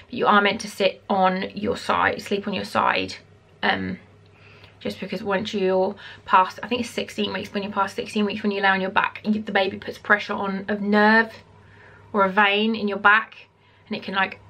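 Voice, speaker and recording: A woman's voice: mid-range voice, bright, forceful tone. A woman chatting casually in a vlog, a little out of breath, rambling between reading aloud and her own comments. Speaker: vlogger giving a pregnancy update.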